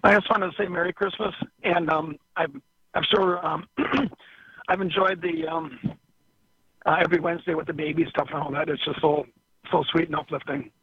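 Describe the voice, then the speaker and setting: Male radio caller, husky, hesitant, muffled phone line. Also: on the high side, steady tone, moderate pace, dry recording. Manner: hesitant, clears throat. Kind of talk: phone-in call.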